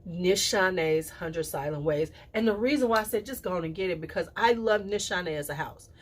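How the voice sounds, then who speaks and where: A woman talking casually to camera as a perfume reviewer, chatty and animated, with playful asides and quick drops to a whisper. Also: fairly low pitch. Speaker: perfume reviewer and channel host.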